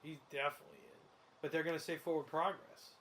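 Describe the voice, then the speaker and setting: Excitable man hosting a betting show. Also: on the high side, fast talker, slight background noise. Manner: excitable, laughs often. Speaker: host. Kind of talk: casual sports betting commentary while watching a game.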